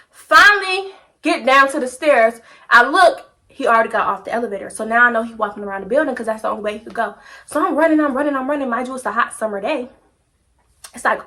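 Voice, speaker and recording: Animated high-pitched young woman storyteller. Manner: animated, slangy, repeats phrases for comic effect. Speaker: vlogger telling a story. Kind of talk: casual storytime.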